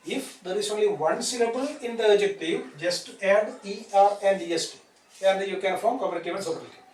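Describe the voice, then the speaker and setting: A man teaching an English grammar class, repeating points and asking tag questions to check understanding. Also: high-pitched. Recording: echoey room from far off, faint noise.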